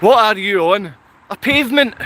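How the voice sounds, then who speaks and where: A man's voice: sits high, animated, normal speed, bright, forceful tone, a little hiss or hum. A man with a Scottish accent, talking straight to his viewers in an intense, combative rant that keeps repeating its points. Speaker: channel host. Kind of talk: ranting live talk to viewers.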